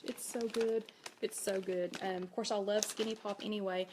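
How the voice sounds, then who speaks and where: A woman's voice: mid-range voice, fairly even intonation, moderate pace, background noise. A woman with an East Tennessee accent, hosting a casual Facebook Live chat and reading viewer comments aloud as she talks. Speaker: host.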